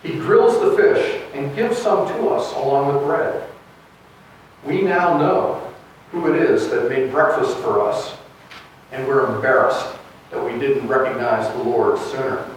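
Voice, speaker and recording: A pastor retells a gospel story in storytelling fashion during a sermon in a church sanctuary. He speaks at a measured pace with a medium-pitched voice, recorded from afar in the echoey church with slight hiss or hum.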